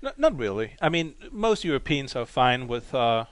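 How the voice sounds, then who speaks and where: A man's voice: mid-range voice, sing-song, normal speed, dry recording. A middle-aged man from Germany with a German accent, chatting casually as a podcast guest with frequent hesitations. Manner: hesitant, laid-back, laughs easily. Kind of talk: casual chat.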